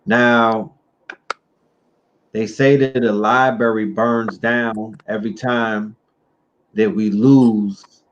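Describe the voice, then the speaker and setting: A male host with a lowish voice who stretches out his words and leans hard on key phrases, unhurried. The audio is dull and muffled, with a faint hiss underneath. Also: fairly even intonation. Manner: slow, drawn-out, emphatic delivery. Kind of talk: livestream talk show.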